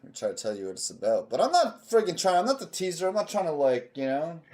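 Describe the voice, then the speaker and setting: A man's voice: a little high, sing-song, quick pace, warm tone. A man co-hosting a podcast in casual chat, emphatic and profane as he riffs on movies. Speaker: podcast co-host.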